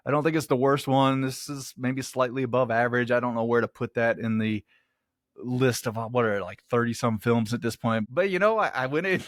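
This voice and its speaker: A man's voice: mid-range voice, no echo, studio quality. A man giving a casual, rambling movie review, swearing offhandedly as he goes.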